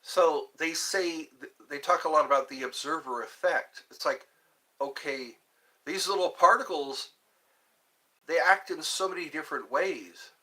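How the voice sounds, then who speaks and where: A man hosting a live stream alone, musing slowly and meandering while he answers viewer chat. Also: a little high, bright, forceful tone. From United States.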